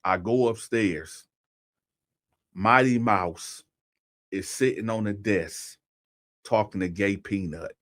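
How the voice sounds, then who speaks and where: A man's voice: on the low side, slow, long pauses, fairly bright tone. A man telling a personal story in a casual, conversational way, often talking straight to his listeners and checking in with "right?". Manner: conversational, addresses listeners directly, repeats "right?".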